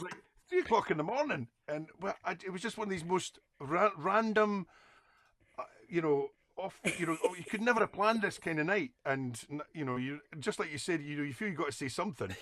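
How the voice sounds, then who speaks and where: Lively Scottish man telling stories. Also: a little high, heavy background noise. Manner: lively storyteller with Scots slang. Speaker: podcast guest. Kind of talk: casual anecdote telling.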